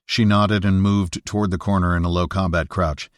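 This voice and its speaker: A man narrating an audiobook thriller in a steady, measured reading on a close studio mic. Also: deep voice, dry recording. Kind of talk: scripted narration.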